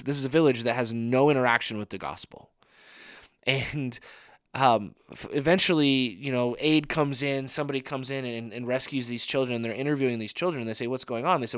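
A man's voice: mid-range voice, a bit bright, clear, resonant tone, no echo, clean studio sound. A man preaching a conversational sermon, earnest and informal, often restarting his phrases.

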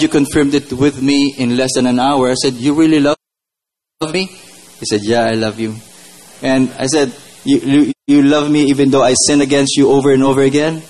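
A man's voice: medium pitch, darkish tone, low-quality recording. A man giving a personal testimony in a church service, retelling his prayers as a story. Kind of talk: testimony sermon.

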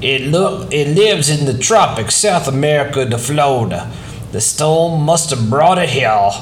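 A man reading a story aloud, voicing a calm, plain-spoken father in a slow, matter-of-fact way. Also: fairly high pitch, a little hiss or hum.

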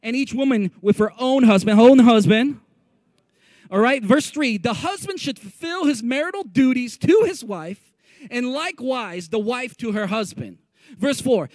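A man with a notably high voice preaches a sermon in a lively, conversational way. He jokes with his listeners and calls on them to repeat phrases back to him. The sound is dry and close, with little room in it. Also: dry recording. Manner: joking asides to the audience. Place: meeting room with a live audience.

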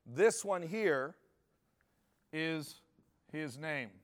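Guy pastor preaching, kinda high voice, chatty, keeps asking the room stuff. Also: expressive, very slow. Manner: conversational, restarts often, asks the room questions. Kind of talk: sermon teaching.

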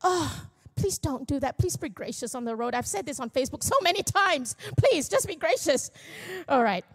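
A woman's voice: high voice, lively intonation, moderate pace. A middle-aged woman pastor giving a candid, self-deprecating personal testimony at church, with jokes mixed in. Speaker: young adults pastor.

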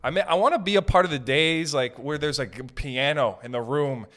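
A man's voice: on the high side, fairly quick, fairly bright tone. A man hosting a solo podcast, riffing in a rambling, profane comedic monologue. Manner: rambling, profane, tangent-hopping. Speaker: podcast host.

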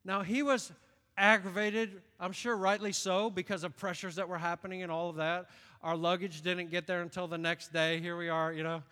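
A man in his late fifties from upstate New York, preaching a sermon in an animated storytelling way. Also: sits high, normal speed. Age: late 50s. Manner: animated storytelling, acts out quoted voices. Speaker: pastor. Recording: long reverb of a large hall.

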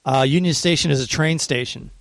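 Crude joking podcast host, slightly high. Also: male voice, fairly quick, dry recording. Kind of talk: casual podcast chat.

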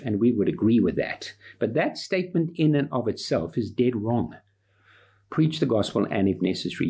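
A man's voice: mid-range voice, darkish tone, slightly rough. A man preaching a sermon, emphatic, building his points through repeated lists.

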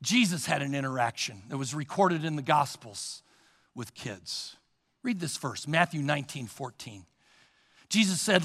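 A man preaching a sermon, asking the congregation rhetorical questions and telling a story dramatically, swinging between loud and hushed. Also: fairly high pitch, animated, normal speed. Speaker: pastor. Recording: long reverb of a large hall.

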